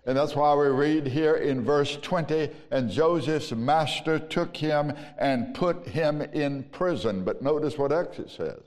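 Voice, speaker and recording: A man with a Southern US accent preaching a sermon as pastor, slow and emphatic with long pauses. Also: on the high side, darkish tone. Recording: long reverb of a large hall.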